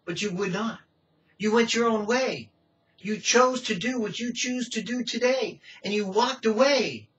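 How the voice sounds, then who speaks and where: A man's voice: high voice, unhurried. Impassioned male preacher, far from the mic. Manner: impassioned preaching, swinging from loud cries to hushed pleading. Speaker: pastor. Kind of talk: sermon. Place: church sanctuary. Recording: distant, muffled church recording.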